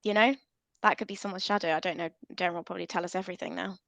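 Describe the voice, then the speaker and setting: Gravelly-voiced woman on a dry panel. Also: lowish voice, fairly even intonation, very fast, fairly bright tone, no echo. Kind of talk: panel discussion.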